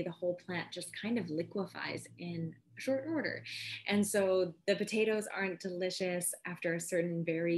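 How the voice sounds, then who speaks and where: Brief: woman gardening educator, upbeat conversational delivery, mid-range voice, friendly asides. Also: medium pitch. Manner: chatty, enthusiastic, with frequent asides. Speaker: seed company gardening educator. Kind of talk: casual gardening lesson.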